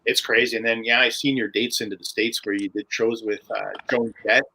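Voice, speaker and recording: A man's voice: on the low side, fairly even intonation, a little fast, bright, forceful tone, slightly rough, low-quality recording. A man hosting a casual interview, enthusiastic and loose, with many fillers. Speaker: podcast host.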